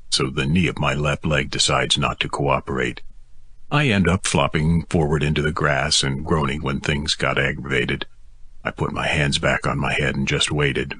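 A man narrating a first-person novel as an audiobook, in a gruff, weary telling. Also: a bass voice, sharp tone, no echo.

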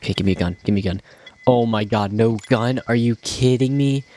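A man's voice: medium pitch, brisk, dark tone. A young man casually commentating his own gameplay, chatty and joking, talking to himself as he plays. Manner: chatty, talks to himself, jokey and self-mocking. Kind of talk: casual let's-play commentary.

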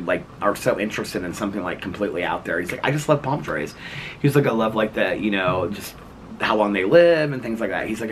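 A man's voice: lowish voice, a bit bright, slight background noise. A man chatting playfully to his viewers while vlogging outdoors at home in the evening, rambling and laughing as he talks. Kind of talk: casual chat to camera.

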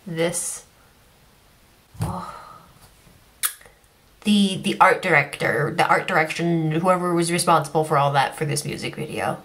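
A woman giving an excited, gushing live reaction to a music video, often cutting herself off. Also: low voice, a little slow, long pauses. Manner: gushing, excitable, self-interrupting. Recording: faint music behind. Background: faint music.

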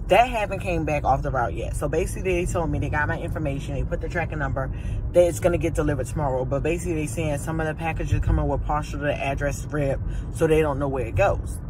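Lady vlogging, frustrated, keeps repeating herself, road noise loud behind her. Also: low-pitched, quick pace. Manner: exasperated, repetitive ranting. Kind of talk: casual vlog rant to camera. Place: in a car, later inside a post office. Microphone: phone camera. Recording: loud car and street noise.

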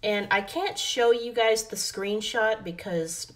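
A woman's voice: mid-range voice, takes it slowly, a bit bright. A young adult woman talking casually to her viewers in a vlog, rambling and correcting herself often, recorded on a phone. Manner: rambling, self-correcting, many fillers. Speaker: vlogger. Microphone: phone camera mic.

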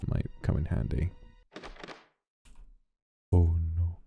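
A man's voice: low voice, slow, vocal fry, slightly rough, narrow, tinny audio, soft background music. A man streaming a horror game, talking casually, swearing freely and yelping at jump scares. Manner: excitable, swearing, yelps at scares. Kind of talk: casual gameplay commentary.

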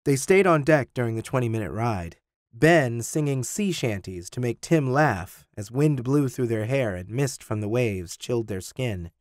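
A man narrates an audiobook, telling the story expressively in scripted narration. His pitch is medium and his speed normal, with studio-quality sound and no room echo.

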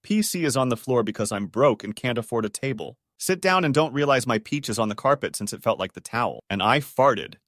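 A man narrating a string of short online stories in a steady, scripted reading voice. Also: medium pitch, fairly quick, few pauses, no echo, studio quality.

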